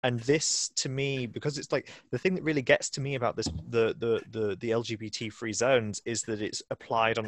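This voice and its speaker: A man's voice: medium pitch, no room sound. A man co-hosting a podcast, explaining at length with many fillers. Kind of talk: casual podcast discussion.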